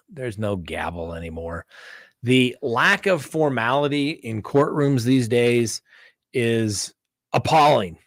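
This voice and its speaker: Combative animated man, dry sound. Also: a little high, no echo. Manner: animated storytelling, acting out courtroom exchanges; blunt, combative. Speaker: defense attorney and show host. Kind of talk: live-stream crime talk.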